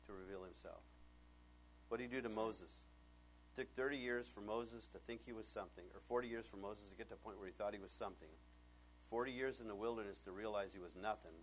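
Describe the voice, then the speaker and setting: A male pastor preaching a sermon, animated and laughing often, acting out bits of dialogue in changing voices. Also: fairly low pitch, slight background noise.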